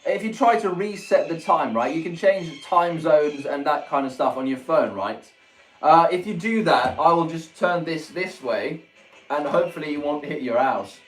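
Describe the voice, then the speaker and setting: Excitable male livestream host. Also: fairly high pitch, normal speed. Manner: excitable, laughs often, exclaims a lot. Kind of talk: casual livestream chat, reading viewer messages. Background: faint music.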